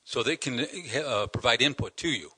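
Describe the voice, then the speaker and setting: A man's voice: mid-range voice, moderate pace, bright, forceful tone, breathy edge. An older man giving an indignant public comment to a town council, firing rhetorical questions with emphatic stresses. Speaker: citizen delegate at council meeting.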